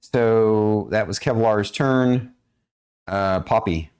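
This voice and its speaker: Low-voiced man running a tabletop game. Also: takes it slowly, darkish tone. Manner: rambling, many fillers and throat-clearing. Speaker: dungeon master.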